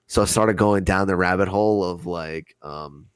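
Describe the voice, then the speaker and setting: A man's voice: sits low, normal speed, smooth, no echo. A man co-hosting a podcast, telling a story in casual, profane, laid-back chat with laughs. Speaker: podcast co-host.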